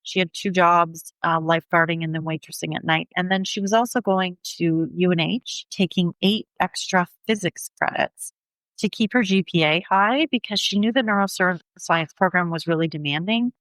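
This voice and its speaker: A middle-aged woman telling her personal story in an interview, earnest and steady, often acting out the back-and-forth of conversations. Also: fairly low pitch, no echo, rough recording. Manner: earnest, reenacts dialogue in quick back-and-forth. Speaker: guest, bereaved mother.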